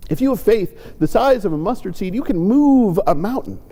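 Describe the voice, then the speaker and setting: Guy preaching a thoughtful sermon, fairly high voice, echoey sanctuary. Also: lively intonation, normal speed, mellow. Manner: reflective, acts out quoted pleas with lifted pitch. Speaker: pastor. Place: church sanctuary. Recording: church sanctuary with long reverb.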